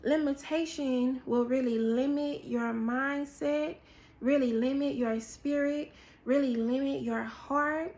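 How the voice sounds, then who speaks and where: Female preacher, high voice, unhurried sermon delivery, dramatic repetition. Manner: animated storytelling with acted-out quotes, repetition for emphasis. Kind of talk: prophetic word, sermon-style.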